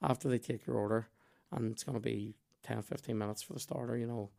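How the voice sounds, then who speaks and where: A man's voice: mid-range voice, fast talker, creaky. Sweary man telling stories. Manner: animated, sweary, acts out voices in his stories. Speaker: podcast host. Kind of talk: casual storytelling chat.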